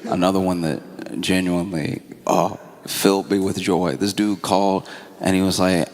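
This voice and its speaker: A man's voice: sits low, moderate pace. A man doing stand-up comedy, telling stories and acting out phone calls. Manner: animated storytelling, acting out calls. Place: comedy stage before a live audience. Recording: reverberant hall with audience noise.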